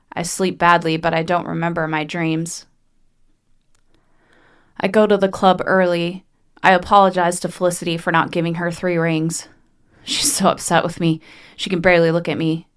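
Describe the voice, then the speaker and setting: A woman narrating a first-person horror story with a measured, even delivery. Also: lowish voice. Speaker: audiobook narrator.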